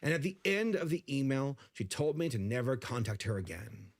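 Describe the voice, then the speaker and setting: A man reads a scripted video narration, playing in the background of a stream. He recounts events in a measured, deliberate way. His voice sits at an ordinary middle pitch. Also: very animated, creaky.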